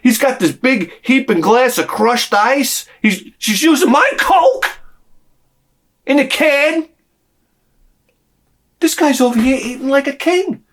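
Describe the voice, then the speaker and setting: A man's voice: very high voice, animated, slow, long pauses, fairly bright tone. A man telling an exasperated, profane story in a sarcastic comic rant on his vlog. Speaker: vlogger.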